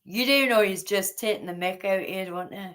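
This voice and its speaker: A woman's voice: medium pitch, normal speed, fairly bright tone. A woman with a Geordie accent hosting a casual livestream chat, chatty, affectionate and teasing. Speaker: livestream host.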